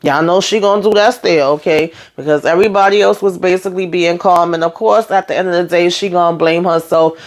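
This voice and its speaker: A woman's voice: on the low side, steady tone, a little fast, few pauses. A woman hosting her own channel, casually recapping a TV episode in a chatty, emphatic way, talking straight to her viewers. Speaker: TV show recap host.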